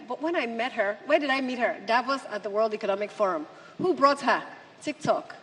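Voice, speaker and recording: A woman's voice: a little high, animated, fairly quick, a bit bright. A woman giving a speech to an audience, emphatic and full of rhetorical questions. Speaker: conference speaker. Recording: long hall reverb.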